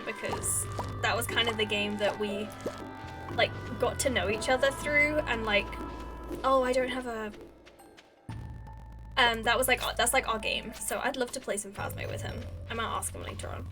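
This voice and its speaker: A young woman streaming a farming game, rambling casually to her chat with lots of fillers and restarts. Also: on the high side. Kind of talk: casual chat while gaming. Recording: game music behind the voice.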